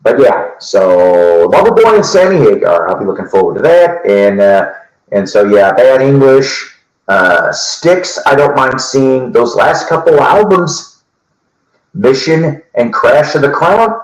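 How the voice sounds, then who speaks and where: A man hosts a podcast at an unhurried pace, rambling loosely and dropping casual swears. His voice sits at a middling pitch and rings in an echoey room. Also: expressive. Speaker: podcast host. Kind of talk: casual chat.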